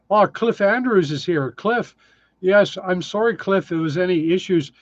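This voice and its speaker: A man's voice: sits high, unhurried, dry recording, dull audio. A man in his sixties, casually chatting on a livestream and answering viewer comments in a self-deprecating way. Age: 60s. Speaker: livestream host. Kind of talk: casual live chat reading comments.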